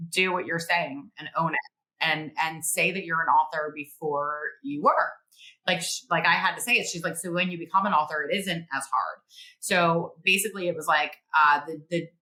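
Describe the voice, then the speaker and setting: A middle-aged woman, a guest author, telling stories in an animated interview, acting out quotes and laughing often. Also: low-pitched, poor audio. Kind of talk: podcast interview, storytelling.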